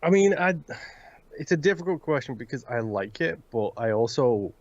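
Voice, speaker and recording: A man's voice: medium pitch, animated, moderate pace, no room sound. A man in his thirties, co-hosting a podcast in casual chat, dry and teasing. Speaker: podcast co-host. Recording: dull lo-fi sound.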